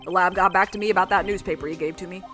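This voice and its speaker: A woman's voice: fairly low pitch, fairly even intonation, very fast, fairly bright tone, soft background music, natural voice. Brief: a woman doing a keen cop in a game, matter-of-fact. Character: earnest male police detective. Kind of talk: reading game dialogue aloud.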